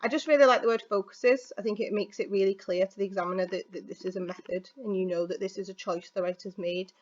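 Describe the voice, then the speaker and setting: A woman's voice: mid-range voice, steady tone, fast. A woman from the UK who teaches English, talking through an exam answer in a chatty, informal recorded video lesson. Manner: chatty, informal, thinks aloud with fillers. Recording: slightly dull, lo-fi audio.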